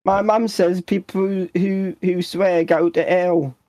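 A man's voice: sits high, level tone, unhurried, a little mellow, dry recording. A man voicing a naive, childlike male adventurer in a tabletop role-play, earnest and sing-song.

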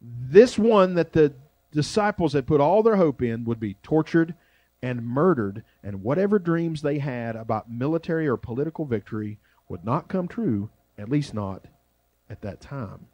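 A man preaching a sermon as pastor, shifting between loud emphasis and quiet, drawn-out phrases. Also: medium pitch, expressive, dry recording, dull audio.

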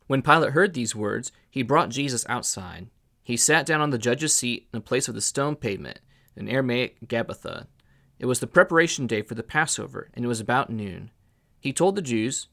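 A man reading scripture aloud in a steady, deliberate way. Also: mid-range voice. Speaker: scripture reader.

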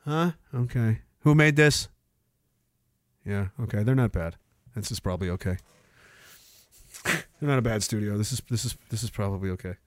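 A man's voice: fairly low pitch, moderate pace, long pauses, dry recording. A man from Canada hosting a casual, profane livestream, joking crudely, laughing often and reading out chat messages.

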